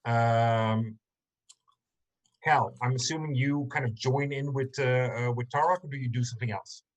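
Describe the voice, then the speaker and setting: A man acting as game master in an online tabletop game, speaking in a hesitant, measured way with many ums. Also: mid-range voice, steady tone. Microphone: video call.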